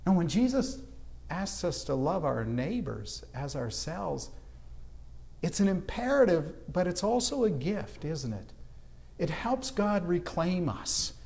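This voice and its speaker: A Canadian pastor with a high, gravelly voice preaches slowly in a church sanctuary, telling a childhood story. He narrates in an animated way, acting out the voices of the people in it.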